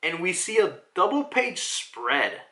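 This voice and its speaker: A man casually reviewing a manga chapter, rambling, excitable and profane. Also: sits high, a little slow.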